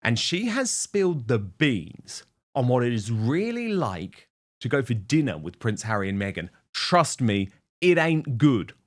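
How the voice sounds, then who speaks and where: A man's voice: medium pitch, very animated, unhurried. A man hosting a show, presenting opinionated news in a punchy, emphatic way. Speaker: show host.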